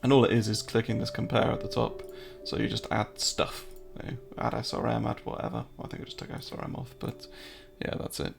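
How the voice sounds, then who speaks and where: A man's voice: fairly low pitch, little pitch movement, fairly quick, vocal fry, few pauses, over music. An English man hosting a casual live-stream, joking, answering viewer chat and walking through trading charts. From England.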